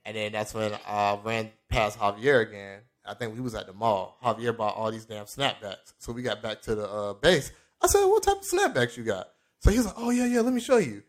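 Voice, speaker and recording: A young man from Florida tells a story on a casual podcast. He slips into the voices of the people in it, jumping high and loud for their lines and dropping low and soft for his own asides. He laughs often as he talks. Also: fairly quick. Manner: animated storyteller, acts out quoted lines with big pitch jumps, laughs often. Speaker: podcast co-host.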